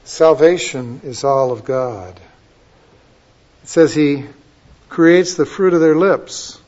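A man preaching a sermon, dropping to soft asides and rising to loud, drawn-out emphatic lines. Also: on the high side. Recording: dull lo-fi sermon recording.

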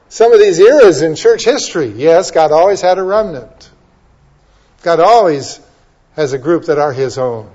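A male preacher delivers a sermon with animated, emphatic storytelling. His voice sits fairly high, and the recording sounds dull and lo-fi.

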